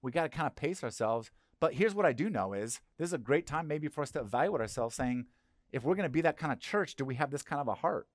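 A man's voice: fairly high pitch, animated, quick pace, no room sound, studio quality. A middle-aged male pastor giving a conversational sermon and asking the congregation questions.

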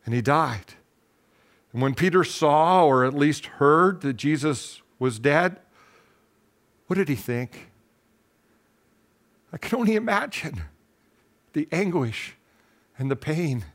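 A male pastor preaching a sermon, retelling a Bible story in an earnest, dramatic way, with pauses and repeated words. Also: fairly high pitch, lively intonation, a bit bright.

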